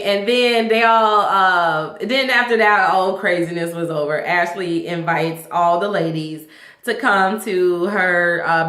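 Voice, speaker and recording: Chatty woman with a bright, echoey voice. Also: medium pitch. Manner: animated, laughing, profane, acts out quotes. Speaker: vlogger reviewing a reality show. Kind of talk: casual reality-TV recap.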